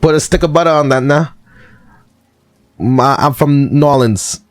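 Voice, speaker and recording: Folksy Louisiana local with a put-on New Orleans drawl, voiced by a man, high and slow, jokey. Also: no echo, lightly acted. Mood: hammy.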